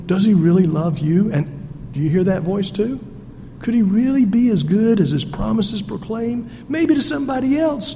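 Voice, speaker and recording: Recorded in an echoey church sanctuary with faint noise, a high-pitched man with a dark tone preaches in a folksy, funny, emphatic style.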